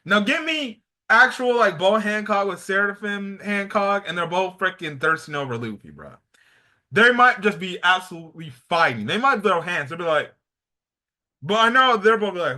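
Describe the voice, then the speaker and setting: A young man giving a casual anime episode review, excitable, slangy and rambling. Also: high voice, moderate pace.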